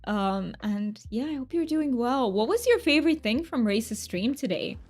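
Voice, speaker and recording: A woman's voice: fairly high pitch, very animated, normal speed, darkish tone, soft background music. A woman from Romania, streaming a game and chatting with her viewers in a bubbly, giggly way. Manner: bubbly and giggly, with frequent laughs and restarts. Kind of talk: casual live-stream chat, reading chat aloud.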